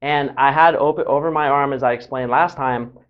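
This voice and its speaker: Man, dating coach, breezy storytelling, mid-pitched voice, muffled lo-fi sound. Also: fairly even intonation, brisk. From Southern California. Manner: breezy, cocky, swears freely. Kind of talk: casual storytelling lesson.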